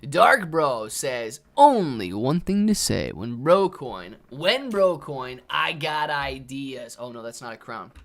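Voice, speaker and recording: A young man hosting a live trading stream, excitedly thanking viewers by name between bursts of market commentary, a little out of breath. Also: medium pitch, takes it slowly, few pauses.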